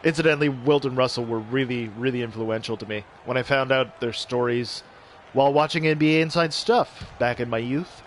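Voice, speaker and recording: A man's voice: mid-range voice, fairly quick, a little hiss or hum. A man hosting a gameplay video, chatting to viewers in a rambling way and doing mock play-by-play as he plays. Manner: rambling and chatty, talking to viewers while playing. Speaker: gaming video host. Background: faint game audio and music.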